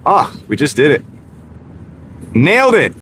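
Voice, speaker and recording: A man's voice: a little high, huge pitch swings, a little slow. A man and gig delivery driver streaming live from his car, chatting casually and joking at his own expense while greeting viewers by name. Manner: joking, self-mocking, talks to chat by name. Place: inside a car. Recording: car road noise.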